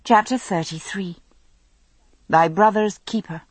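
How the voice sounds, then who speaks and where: Husky woman narrating an audiobook. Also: medium pitch, measured pace, no room sound. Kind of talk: first-person novel narration.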